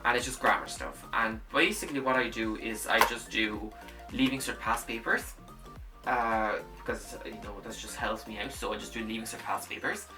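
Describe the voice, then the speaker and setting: A man's voice: on the low side, fairly even intonation, normal speed, far from the mic, over music. A young man in his late teens whose first language is Russian, talking through his studies in a casual vlog, rambling and correcting himself as he goes. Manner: rambling, restarts and repeats himself. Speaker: student vlogger.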